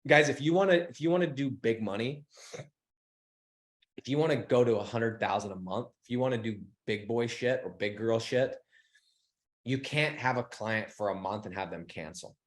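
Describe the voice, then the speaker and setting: A young man talks straight to his followers like a coach sharing a war story. He gets excitable and swears freely, and he acts out both sides of the conversations he retells. His voice sits at an ordinary middle pitch. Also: normal speed. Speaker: business coach.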